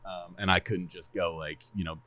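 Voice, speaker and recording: A man casually chatting on a podcast, animated and laughing a lot, swearing freely and stumbling over repeated words. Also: sits low, normal speed, a crowd in the background. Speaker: streamer and podcast co-host.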